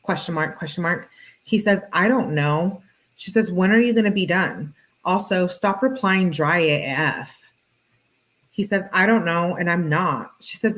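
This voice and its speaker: A woman with a fairly low voice reads out a string of text messages, one line after another. She talks in a casual, conversational way and drops plenty of "like" as she comments. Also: unhurried, a bit bright, low-quality recording. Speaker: channel host.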